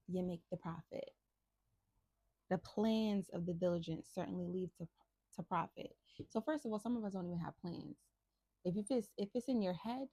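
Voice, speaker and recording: A woman's voice: fairly low pitch, vocal fry, warm tone, husky, no echo. A woman hosting a casual Bible devotional, talking to listeners in a chatty, playful and encouraging way. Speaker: host of a faith devotional channel.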